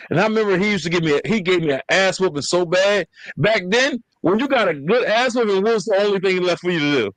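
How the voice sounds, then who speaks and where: A man hosting a podcast, telling family stories in a casual, animated and profane way. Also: high-pitched, quick pace, no echo, low-quality recording. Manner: animated storytelling, slangy and profane. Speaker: podcast host.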